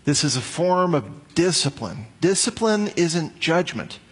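A man's voice: a little high, unhurried, slightly rough. A man preaching to his congregation, explaining a passage in detail and acting out the voices he quotes. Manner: animated expository preaching, acts out quoted voices. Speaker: pastor. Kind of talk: sermon.

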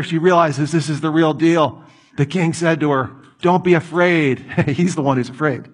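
Guy preaching a sermon, kinda husky, gets really animated doing the characters. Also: on the high side, normal speed. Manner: animated, acts out voices of the people in the story. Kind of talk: expository sermon.

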